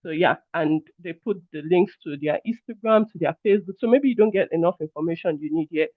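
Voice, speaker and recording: A high-voiced man runs a live online workshop, talking casually and apologizing as he checks in with his audience. His voice comes through a narrow, phone-like video call line. The sound is dry, with no room echo. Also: brisk. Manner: chatty, repeatedly addresses listeners as "guys". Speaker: workshop trainer. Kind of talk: live online training session.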